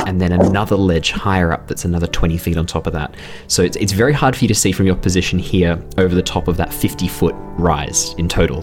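A man running a tabletop game as dungeon master, describing scenes and teasing his players with frequent laughs. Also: low-pitched. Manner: laughs often, playful teasing.

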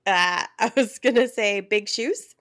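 A woman's voice: medium pitch, unhurried, fairly bright tone. A woman hosting a podcast in a playful, joking manner, laughing often. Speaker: podcast host. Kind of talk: casual comedic chat.

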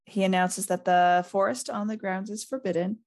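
A woman's voice: mid-range voice, fairly even intonation, normal speed, gravelly, darkish tone. A woman hosting a casual chat, giggly and chatty, retelling a novel and reading passages aloud. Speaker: podcast host.

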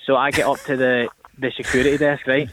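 A man's voice: medium pitch, flat delivery, fast talker, fairly bright tone, slight background noise. A young man calling in to a radio show, telling a story animatedly and acting out the voices in it. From Northern Ireland. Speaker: caller. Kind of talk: phone-in storytelling. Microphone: phone. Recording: tinny phone line.

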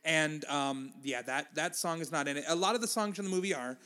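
Man, stage-actor co-host, bright forceful voice, fairly high, laughing, cussing. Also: brisk. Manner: laughs often, swears casually. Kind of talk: casual chat.

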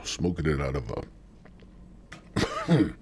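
A man's voice: very deep voice, big pitch swings, slow pace, a little mellow, slight background noise. A man hosting a casual solo podcast, rambling and swearing while stoned and coughing between hits. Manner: rambling, profane, stoned storytelling. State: coughing after smoking. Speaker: podcast host.

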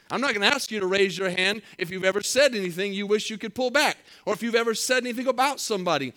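A man preaching a sermon, reading scripture slowly and with emphasis, then telling a story in a conversational way. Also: high-pitched, bright, forceful tone. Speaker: pastor.

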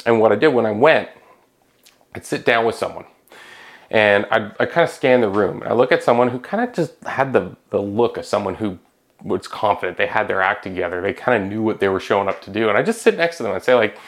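Male podcast host, 30s, lower register, candid storytelling monologue, loose and conversational. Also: expressive, a little fast. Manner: candid, conversational, with filler words and restarts.

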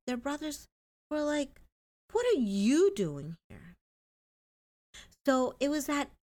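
Slow, earnest woman podcast host. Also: mid-range voice. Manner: earnest, reads scripture slowly. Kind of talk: faith-based podcast talk.

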